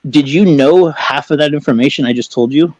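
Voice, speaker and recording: A man's voice: a little high, fairly quick, darkish tone, poor audio. A man talking as a caller on a live stream, agitated and defensive, swearing a lot and rambling as he justifies himself. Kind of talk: heated live-stream talk.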